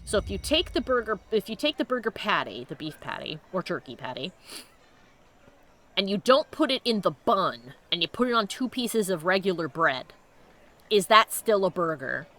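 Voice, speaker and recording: A woman hosting a let's play, reading game text aloud and chatting casually, giggly and quick to put on silly voices. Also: medium pitch, sing-song, fairly bright tone.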